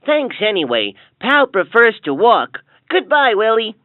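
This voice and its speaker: An eager young storybook hero. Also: female voice, a little high, big pitch swings, unhurried, a little hiss or hum. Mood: cheerful. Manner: bright, enthusiastic storybook narration. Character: upbeat young hero traveling with a pal. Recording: tinny lo-fi toy speaker with soft music.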